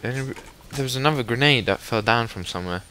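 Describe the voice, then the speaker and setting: A young man giving excitable live commentary over a shooter game, sometimes swearing at it. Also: mid-range voice, fairly quick, a little hiss or hum. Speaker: gaming commentator.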